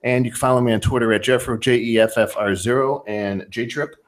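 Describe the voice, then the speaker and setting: A man's voice: mid-range voice, fairly even intonation, brisk. A man with a Northern Ohio accent hosting a podcast in a casual, conversational way, often restarting and repeating words. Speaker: podcast host.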